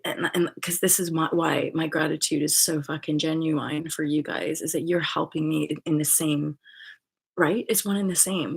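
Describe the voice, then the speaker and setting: Here the channel host is a woman whose low voice sounds gravelly and husky. She delivers a loose, casual spiritual talk packed with fillers, swearing and false starts.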